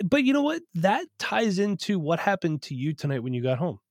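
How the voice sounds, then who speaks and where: A man's voice: high-pitched, big pitch swings, a little fast, no echo, clean studio sound. Candid, cursing man chatting on a podcast. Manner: candid, profane, storytelling. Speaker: podcast co-host. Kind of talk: casual chat. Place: home studio.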